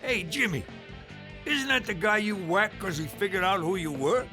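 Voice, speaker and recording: A man's voice: high voice, moderate pace, music in the background, close to an everyday voice. An actor voicing a crude, brash male mobster uncle in an adult cartoon. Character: crude older mobster uncle, divorced six times.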